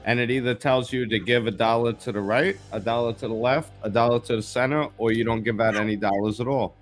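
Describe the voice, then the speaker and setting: A man's voice: mid-range voice, steady tone, fast, faint music behind. A man hosting a casual live stream chat, swearing freely and telling stories while greeting viewers by name.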